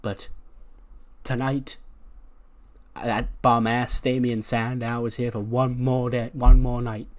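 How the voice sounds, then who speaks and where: A man's voice: medium pitch, level tone, slow, close to an everyday voice. A man voicing a pompous, boastful male wrestler who calls himself a master genius and shushes everyone. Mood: smug boasting. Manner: pompous, shushes others, odd grammar.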